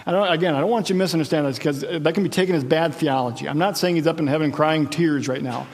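A man preaching a sermon as pastor, telling the story with lively asides and jokes. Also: fairly high pitch, quick pace, hardly any pauses, big-room sound.

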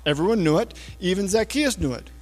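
A man's voice: animated, fairly quick, soft background music. Casual preacher man in a reverberant hall. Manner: casual, talks to listeners with frequent checks like "okay?" and "all right?"; often drops to a low, hushed voice for emphasis. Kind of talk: conversational sermon. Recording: long reverb of a large hall.

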